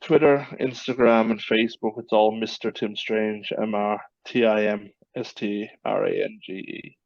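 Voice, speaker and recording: A man's voice: fairly low pitch, level tone, normal speed, vocal fry, no echo, highs cut off. A man from Newfoundland with a slight Irish-sounding Newfoundland accent, speaking as a guest in an easygoing podcast interview and often repeating his phrases. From Newfoundland, Canada. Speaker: guest, professional wrestler.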